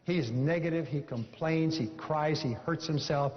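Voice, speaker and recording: A man's voice: a little high, unhurried. A man speaking from a seminar stage, emphatic and repetitive, telling a story to drive home a point. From Canada. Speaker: motivational speaker. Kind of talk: seminar talk with a told joke. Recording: dull recording in a large hall.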